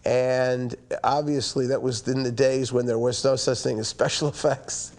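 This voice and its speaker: A man in an interview recalling a film production in a relaxed, conversational way. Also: mid-range voice, moderate pace. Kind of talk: interview recollection. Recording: loud background noise.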